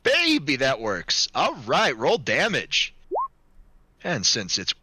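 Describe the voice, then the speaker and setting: Male game master, lively pitch, bright, dry close sound, casual, swears. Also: slow pace, husky, no room sound. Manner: casual, excitable, swears freely. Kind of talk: running a tabletop game on stream.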